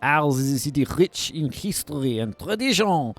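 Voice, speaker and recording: A man's voice: fairly high pitch, very animated, normal speed, faint music behind, voice pushed up. A man voicing a pompous male manservant of a noble house in a put-on French accent, reading game dialogue aloud in a stately, formal tour-guide manner.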